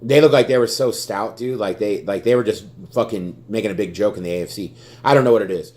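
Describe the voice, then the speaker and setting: In a quick, low, dark-toned voice, a young sports fan vents on his vlog about his team. He swears constantly and stammers, repeating words as he gets worked up.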